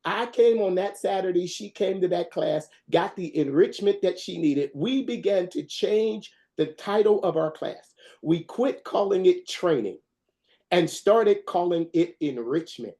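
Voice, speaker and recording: A webinar presenter telling a folksy, animated story and acting out the quotes. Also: medium pitch, a little slow.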